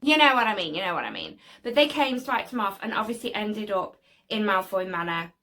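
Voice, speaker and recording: A woman's voice: mid-range voice, very animated, brisk, bright, forceful tone. A woman giving casual, opinionated fan commentary to her channel, leaning on "obviously" and "right?" as she talks. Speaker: video creator.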